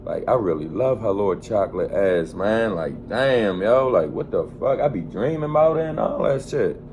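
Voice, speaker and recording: A man casually telling a story in a vlog, animated, full of slang and swearing. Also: on the low side, normal speed, noisy background. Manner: animated, slangy and profane, acts out quoted voices. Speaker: vlogger.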